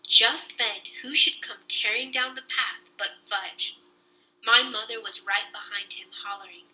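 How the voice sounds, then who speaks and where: A young woman reading a children's book aloud with lively storytelling. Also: a little high, measured pace, rough recording.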